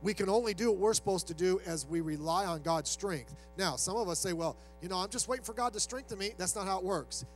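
A man's voice: high voice, fast talker, hardly any pauses, faint music behind, low-quality recording. A male pastor preaching a sermon in a loose, conversational way, acting out quoted voices as he goes.

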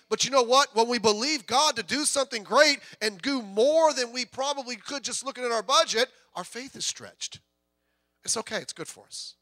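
A middle-aged male pastor preaching with a high, bright voice. His delivery mixes easy, joking asides with rising bursts of intensity. The sound is dry and close, with little room echo. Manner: conversational preaching with humor and swells of intensity. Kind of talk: sermon.

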